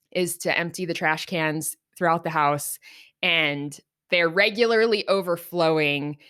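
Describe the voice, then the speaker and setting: Woman podcast host, middle-aged, bright, somewhat low voice, earnest reflective chat. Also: smooth. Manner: earnest, animated when acting out examples. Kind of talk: reflective conversational podcast talk.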